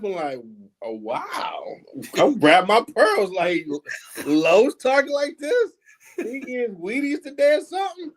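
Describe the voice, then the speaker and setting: Host, man, 40s, high lively voice, animated storyteller who does everyone's voices. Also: measured pace. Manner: animated, laughing, acts out quoted voices. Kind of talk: casual storytelling chat.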